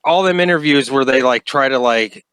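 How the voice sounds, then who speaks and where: A man co-hosting a casual podcast chat, excitable and laughing often. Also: mid-range voice, moderate pace, smooth, no room sound. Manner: excitable, laughs often, does mock impressions. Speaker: podcast co-host.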